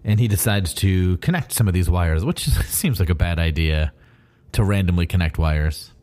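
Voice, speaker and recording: A man's voice: deep voice, normal speed, a little mellow. A man co-hosting a podcast, chatting easily about comic books and laughing often as he adds details. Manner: easygoing, laughs often, adds facts to the talk. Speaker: podcast co-host. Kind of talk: casual comic book discussion.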